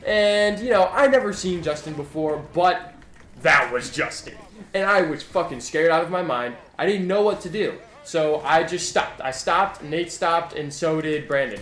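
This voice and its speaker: A man's voice: on the high side, a bit bright. A young man telling a story in a casual, rambling vlog, swearing often and restarting his sentences. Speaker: YouTuber. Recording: roomy echo, faint background hum.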